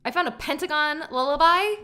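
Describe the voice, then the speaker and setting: Bright-voiced chatty woman podcaster. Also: high voice, brisk. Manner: chatty, rambling storyteller; warmly thanks listeners. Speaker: podcast co-host. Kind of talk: casual chat.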